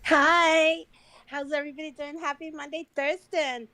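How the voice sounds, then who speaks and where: A bubbly woman chats casually, her voice a touch high and very bright and forceful. She teases the others in a playful way. She talks as a listener brought up to join a loose group conversation. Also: flat delivery, a little slow, no room sound. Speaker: listener invited to speak in a chat room. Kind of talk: casual chat.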